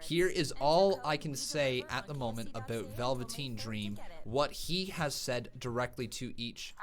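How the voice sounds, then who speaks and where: A young man hosting a live watch-along stream, giving casual commentary that flares into loud excited outbursts. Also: medium pitch, a little slow. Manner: excitable, bursts into loud shouts.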